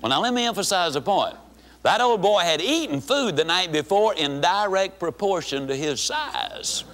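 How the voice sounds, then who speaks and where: A man giving a storytelling speech in a folksy, animated manner. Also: high-pitched, moderate pace. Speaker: speaker.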